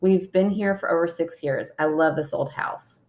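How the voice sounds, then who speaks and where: A woman's voice: on the low side, normal speed, a little mellow. A young woman co-hosting a podcast, chatting casually and reading listener messages aloud, laughing often. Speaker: podcast co-host.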